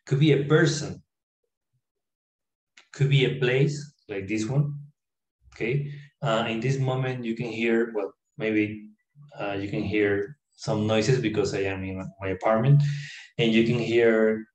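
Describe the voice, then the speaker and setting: A man explaining ideas about the mind in his apartment, in a halting way with many fillers and restarts. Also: on the low side, fairly even intonation, darkish tone, roomy sound, poor audio. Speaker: self-help video presenter. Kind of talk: informal talk to camera, reading a text aloud. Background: dog barking, fireworks and freeway traffic outside.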